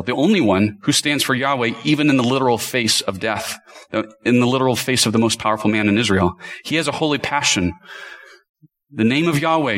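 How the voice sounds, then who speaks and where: A man's voice: medium pitch, fairly bright tone, rough recording. Passionate man preaching a sermon. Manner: earnest and passionate, with sudden speed-ups and slow stresses; chatty asides to the congregation. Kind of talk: expository sermon.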